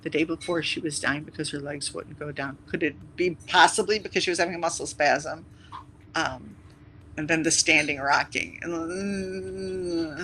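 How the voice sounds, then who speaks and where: Brief: live streamer, bright forceful tone, rambling and teasing chat, faint background hiss. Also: medium pitch, poor audio. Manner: rambling, teasing, with sudden loud bursts and whispered asides. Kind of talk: casual chat with stream viewers.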